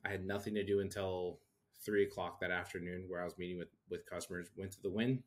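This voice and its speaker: A man in his thirties, co-hosting a podcast, telling a story in a casual, animated way and acting out the people he quotes. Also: sits low, fast talker. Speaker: podcast co-host. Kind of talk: casual chat.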